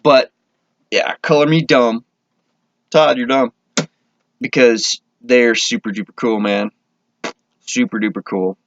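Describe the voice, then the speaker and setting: A man's voice: medium pitch, fairly even intonation, slow pace, pauses often, fairly bright tone, dull audio, a little hiss or hum. A man from Minnesota chatting casually to camera in his vlog, rambling, correcting himself and getting enthusiastic. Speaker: vlogger.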